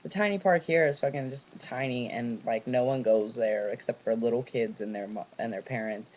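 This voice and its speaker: A young man from California vents at his camera at home, cursing freely as one story runs into the next. His voice sits at an ordinary middle pitch. The sound is dull and lo-fi, like an old webcam mic. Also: normal speed, a little mellow. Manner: ranting, heavy swearing, run-on storytelling. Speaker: vlogger. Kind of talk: venting personal vlog.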